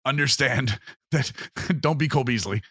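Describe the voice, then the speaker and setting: A man co-hosting a sports podcast in casual chat, animated and laughing often as he mockingly reads out quotes. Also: mid-range voice, moderate pace, slightly rough, dry recording, clean studio sound.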